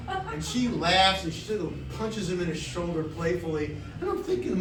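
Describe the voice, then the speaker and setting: A middle-aged man telling a comic personal story on stage, wry and animated, with the audience laughing. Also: high-pitched, moderate pace, noisy background. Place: stage before a live audience. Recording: echoey room, distant mic, audience.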